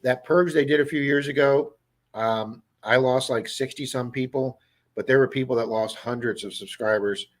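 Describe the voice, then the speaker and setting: A man's voice: mid-range voice, steady tone, normal speed. A man with a Baltimore accent hosting a casual livestream, chatting and answering viewers' comments by name. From Baltimore area, USA. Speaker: livestream host.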